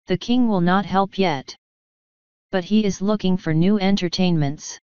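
A woman's voice: lowish voice, unhurried, darkish tone, clean tone, dry recording, close to an everyday voice. A woman voicing a firm, level-headed young witch girl who talks in a matter-of-fact way, in a dull lo-fi audiobook recording.

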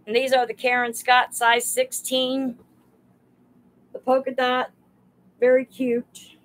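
Slow-talking woman selling live. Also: sits high, monotone, rough recording. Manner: chatty, homey, greets viewers by name. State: overheated. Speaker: live sale host. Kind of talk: live-stream selling, chatting with viewers.

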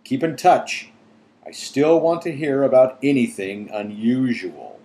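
A man's voice: medium pitch, unhurried, mellow, echoey room, pitched above the performer's own voice, natural voice. A man voicing a serious adult man giving cautious advice in a letter, read from a storybook. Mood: earnest. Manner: earnest and cautioning.

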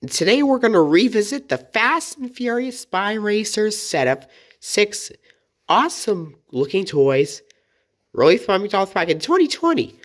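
A woman's voice: mid-range voice, sing-song, a little slow. A woman hosting a casual toy review, chatty and playful, giggling often as she talks.

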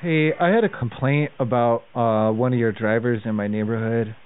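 A man's voice: medium pitch, moderate pace. A man making a prank phone call, hesitant and mock-concerned. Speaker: prank caller. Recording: phone line.

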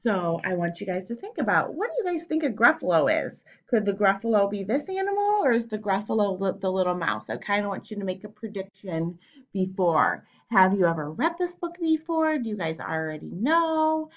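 A woman teacher talking to her young students on video, encouraging and animated. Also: mid-range voice, a little fast, dull audio. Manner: encouraging, animated classroom talk. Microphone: home camera.

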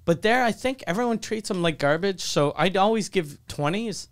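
High-voiced man swapping podcast anecdotes. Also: moderate pace. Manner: relaxed anecdotal, swears, mimics people in stories. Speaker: podcast co-host. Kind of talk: casual comedy podcast chat.

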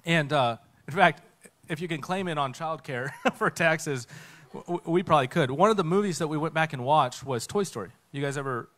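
A man giving a conversational sermon talk on a church stage, telling a story with lively acted-out quotes. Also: fairly high pitch, brisk, few pauses. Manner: animated storytelling, acts out quotes. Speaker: guest speaker.

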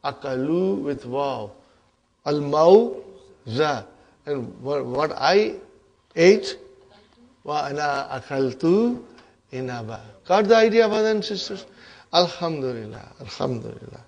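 A man leads a grammar lesson in a classroom, speaking at a slow, deliberate pace in a slightly raised voice. He keeps turning to the students with quick questions and checks that they are following. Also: fairly high pitch, sing-song, darkish tone. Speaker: Arabic teacher.

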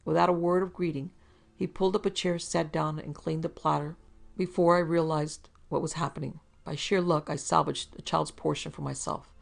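A woman's voice: low voice, fairly even intonation, moderate pace, gravelly. A woman narrating a hard-boiled detective story in a dry, wry first-person voice.

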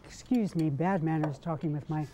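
Mellow-voiced woman hosting a TV cooking spot. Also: sits low, normal speed, slight background noise. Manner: gushing, warm sign-off delivery. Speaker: TV show host. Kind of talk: TV cooking segment chat. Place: TV studio kitchen.

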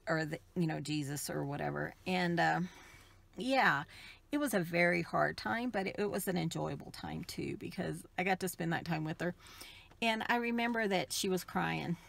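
A middle-aged woman from the United States, telling an emotional personal story in a soft, rambling way with many restarts. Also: fairly low pitch, creaky. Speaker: craft vlogger.

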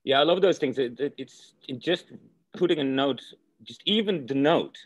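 A man with a Dutch accent on a video call, talking haltingly with many restarts and reading aloud slowly. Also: medium pitch, animated, no echo, poor audio. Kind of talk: casual group video-call chat.

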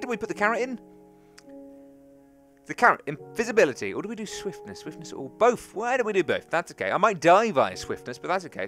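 A man's voice: mid-range voice, a bit bright. A man hosting a gaming let's play, thinking aloud as he plays and chatting eagerly to his viewers. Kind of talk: gameplay commentary.

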